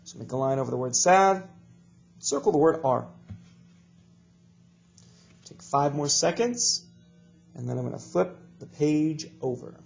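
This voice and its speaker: Stuffy male teacher doing a video lesson for kids, patient, says stuff twice, kinda gravelly, muffled lo-fi audio. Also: fairly high pitch, a little slow, pauses often, soft background music. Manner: patient, encouraging, repeats instructions. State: stuffy nose. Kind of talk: recorded video lesson for young students. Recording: dull lo-fi recording.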